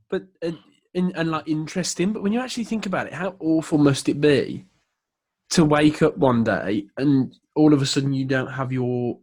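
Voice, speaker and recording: British male podcast co-host, slightly high voice, rambling and animated. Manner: animated, rambling, playful accent impressions. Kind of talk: casual chat.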